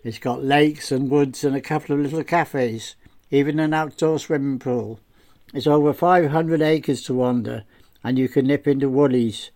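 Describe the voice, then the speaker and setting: A man's voice: mid-range voice, steady tone, moderate pace, a little mellow, natural voice. An easygoing older local man, read by a male narrator, talks in a loose, colloquial, rambling way. His lines stay close to the reader's everyday voice, slightly lifted and reassuring. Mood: chatty.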